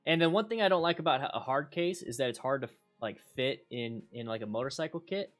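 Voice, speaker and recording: A man hosting a casual livestream chat with viewers, excitable and rambling, repeating himself with bursts of hype. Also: medium pitch, brisk, faint music behind. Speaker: motorcycle riding instructor and channel host.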